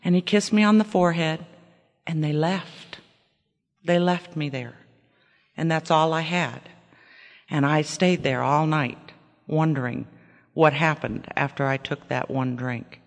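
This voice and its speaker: A woman's voice: low voice, a little slow, long pauses. A middle-aged woman giving a candid, wry personal testimony at a recovery meeting, often repeating words for emphasis. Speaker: recovery speaker sharing her story. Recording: echoey hall with long reverb.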